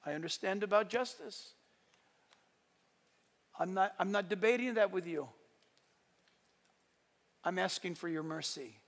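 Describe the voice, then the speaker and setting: A preacher acting out a desperate mother, her cries raised well above his usual pitch and ringing through a big reverberant hall. She begs and implores, her voice thin and bright. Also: a little slow, pauses often. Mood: quiet imploring. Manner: crying, begging. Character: pleading peasant mother begging for her son. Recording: long reverb in a large hall.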